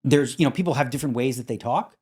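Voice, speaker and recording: Fast-talking man hosting a podcast. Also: medium pitch, husky. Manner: animated, keeps breaking into mock accents and acted quotes. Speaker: podcast host. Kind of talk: casual chat.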